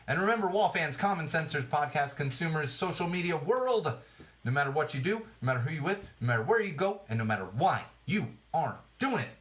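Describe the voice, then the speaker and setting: A man's voice: on the high side, a bit bright. Sarcastic, rambling male podcast host. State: tired. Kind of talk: casual live-stream podcast chat.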